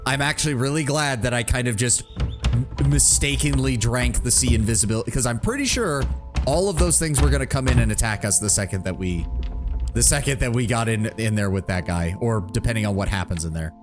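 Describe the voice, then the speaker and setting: A man's voice: mid-range voice, fairly quick. A man giving casual, rambling commentary while playing a game and thinking aloud. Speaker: streamer. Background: game music.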